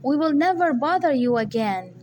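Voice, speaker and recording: A woman voicing a poor male music maker who pleads earnestly for help, read from a storybook, with soft music behind. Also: sits high, sing-song, normal speed. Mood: pleading.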